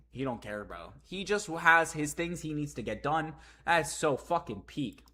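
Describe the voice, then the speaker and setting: A man reading a comic chapter on a live stream and reacting with excited, profane commentary. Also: fairly high pitch, a little slow, hardly any pauses.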